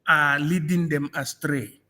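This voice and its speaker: Man, from Nigeria, high voice, mocking, laughs a lot, political discussion. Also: fairly even intonation, a little slow, bright, forceful tone. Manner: mocking, laughs often, repeats phrases. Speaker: panel guest.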